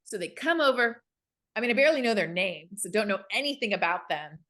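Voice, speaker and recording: A woman chatting casually on a podcast, recounting a story with animated delivery. She slips into other people's voices as she quotes them. Her voice sits in an ordinary middle pitch with a bright, forward edge. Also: a little fast. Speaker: podcast co-host.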